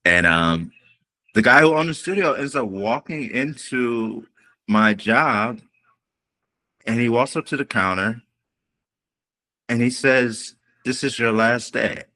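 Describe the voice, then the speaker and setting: A man's voice: medium pitch, expressive, takes it slowly, pauses often, pushed and bright. A male R&B singer telling a long story in a podcast interview, acting out the quoted voices as he goes. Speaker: guest singer.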